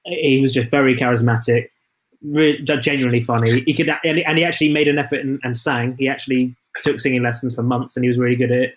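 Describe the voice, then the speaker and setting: Guy co-hosting a film podcast, rambly and keen, average pitch. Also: fairly even intonation, quick pace. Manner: enthusiastic, rambling with restarts. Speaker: podcast co-host. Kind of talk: casual film chat.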